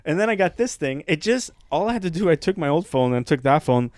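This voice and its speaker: A man's voice: fairly high pitch, expressive, quick pace, a little mellow, dry recording, studio quality. A man co-hosting a casual comedy podcast, rambling and swearing as he trails off mid-thought. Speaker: podcast co-host.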